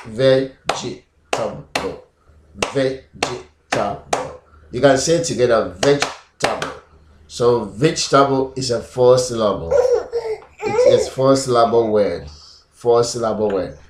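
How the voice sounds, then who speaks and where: Guy teaching pronunciation, says words slow bit by bit, roomy echo. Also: mid-range voice. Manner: repeats words slowly, syllable by syllable. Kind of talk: classroom-style lesson. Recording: echoey room.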